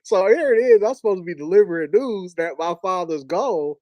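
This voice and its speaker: A man's voice: high-pitched, expressive, a little fast, mellow, no echo. A man on a podcast telling a personal story in an earnest, conversational and emotional way. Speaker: podcast guest. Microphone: podcast studio mic.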